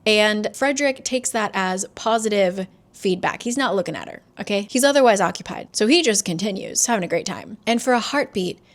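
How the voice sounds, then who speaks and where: A woman's voice: medium pitch, animated, brisk, few pauses. A woman casually recapping a romance novel, sarcastic and full of "like", quoting the characters in mock voices. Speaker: book reviewer.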